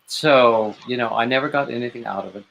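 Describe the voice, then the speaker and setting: A man hosting a live stream, talking in a measured, explanatory way with some wry humor. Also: medium pitch, gravelly, highs cut off. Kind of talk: casual chat.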